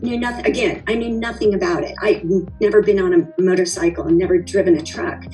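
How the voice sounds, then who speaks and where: A woman's voice: fairly low pitch, a little fast, a little mellow, faint music behind, low-quality recording. A middle-aged woman telling her story as a guest in an interview, chatty and rambling with many fillers and restarts. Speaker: founder of a cocktail company, interview guest. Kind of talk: conversational interview.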